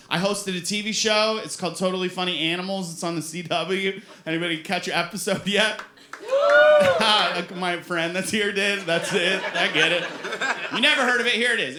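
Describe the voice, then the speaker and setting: A man's voice: high-pitched, sharp tone, a little hiss or hum. A man in his forties performing a stand-up comedy set on a club stage, telling playful self-mocking stories. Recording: roomy club sound with crowd laughter.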